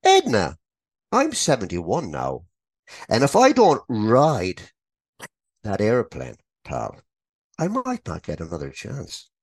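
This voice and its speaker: A man's voice: lowish voice, huge pitch swings, slow pace, long pauses, no echo, clean studio sound, full character voice. A man voicing an eager old man of seventy-one in a spoken joke, pleading and wistful.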